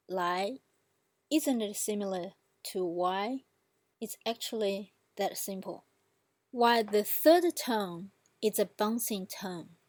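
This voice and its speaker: A woman's voice: mid-range voice, darkish tone, no room sound. A woman language teacher giving a patient instructional explanation and demonstrating example words.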